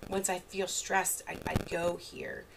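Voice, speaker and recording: A woman's voice: lowish voice, completely flat delivery, a little slow, creaky, background noise. A woman therapist giving an unscripted online training in a casual way, full of fillers and restarts, with examples from her own parenting. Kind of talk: unscripted lecture.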